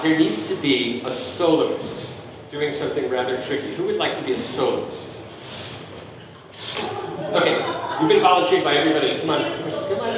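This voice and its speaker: A slightly high-voiced man leads a family concert audience with playful encouragement, teaching them animal-sound cues. He is heard from a distance in a big, echoing concert hall with a long reverb tail. String instruments play now and then in the background. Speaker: composer leading a family concert. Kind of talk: coaching an audience in a live concert. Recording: echoey hall recorded from far off.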